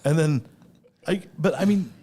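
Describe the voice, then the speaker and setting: A man's voice: on the high side, animated, moderate pace, dark tone. Profane, casual man hosting a live podcast. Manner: profane storytelling of news items. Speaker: podcast host. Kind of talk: casual chat. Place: store, live broadcast.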